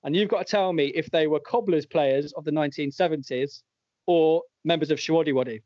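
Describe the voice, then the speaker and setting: A man's voice: a little high, a little fast, darkish tone, dry recording. A man hosting a casual podcast and running a quiz, joking and laughing often as he reads out the answers. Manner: jokey, laughs often while reading out answers. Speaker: podcast host and quizmaster. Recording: dull lo-fi dry audio.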